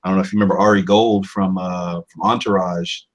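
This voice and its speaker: A man's voice: little pitch movement, fairly quick, poor audio. A man in his thirties, a voice over artist, talking casually in an interview, rambling with many restarts. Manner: rambling, restarts often, jumps into higher impressions.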